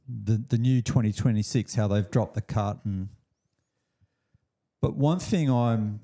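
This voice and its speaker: A podcast host musing through loose, restart-filled questions about surf competition. His voice is gravelly with strong fry and a dark, mellow tone. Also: medium pitch. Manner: rambling, hesitant questions with many restarts. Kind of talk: casual podcast interview.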